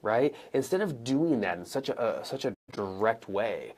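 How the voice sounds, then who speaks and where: A young adult man coaching live viewers in a casual, conversational way, acting out examples with pauses and emphasis. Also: mid-range voice, lively intonation, darkish tone. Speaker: coach and speaker answering viewer questions. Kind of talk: live-streamed teaching. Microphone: camera mic, moves around and sits back down.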